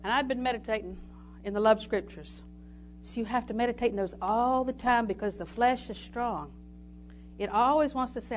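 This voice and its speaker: A woman with a drawl preaches in a folksy, storytelling way, moving between anecdotes and scripture readings. Her voice sits a little high for a woman. A faint hum runs underneath. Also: normal speed. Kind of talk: sermon.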